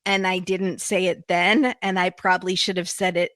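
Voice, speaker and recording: A bright-voiced woman hosts a casual podcast recap. She chats fast and loose, full of "like" and "um," and the sound is dry and close to the mic. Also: fairly low pitch, dry recording. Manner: chatty, lots of "like" and "um", animated retellings. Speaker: podcast host.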